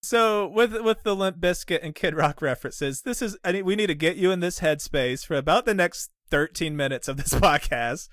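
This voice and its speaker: A man's voice: high-pitched, moderate pace, hardly any pauses, a bit bright, no echo, studio quality. Laughing man recapping old wrestling shows. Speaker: podcast co-host. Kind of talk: casual wrestling podcast chat.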